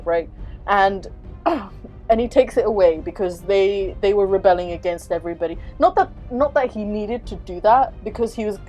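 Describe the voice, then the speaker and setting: A woman's voice: mid-range voice, mellow, low-quality recording. Exasperated young woman ranting casually. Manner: exasperated, sarcastic, swears freely. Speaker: host.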